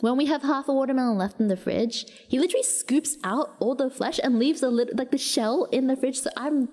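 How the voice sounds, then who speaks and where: A woman with an Australian accent chatting casually with her viewers on a livestream, rambling along with quick restarts and giggles. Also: sits high, darkish tone, in a large hall.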